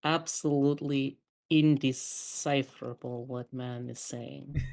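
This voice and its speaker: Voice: medium pitch, steady tone, slow, gravelly, darkish tone. A player in a tabletop game, speaking in character in a stiff, formal way and dropping articles. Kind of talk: in-character banter.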